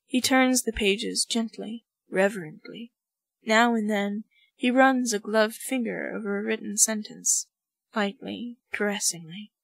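Female fanfic narrator, measured storytelling, close dry recording. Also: medium pitch, vocal fry, no echo, poor audio. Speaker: podfic reader. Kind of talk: audiobook narration of fan fiction.

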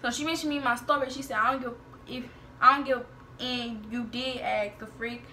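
A woman's voice: a little high, brisk, a little hiss or hum. Sassy young woman telling drama. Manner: sassy, animated retelling with slang and quoted exchanges. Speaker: vlogger. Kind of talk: storytime vlog, recounting social media drama.

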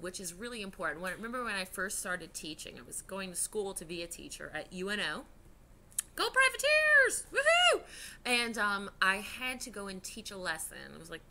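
A woman's voice: mid-range voice, bright, forceful tone, a little hiss or hum. A woman, a teacher giving a chatty history lesson to children from home, with many fillers and restarts.

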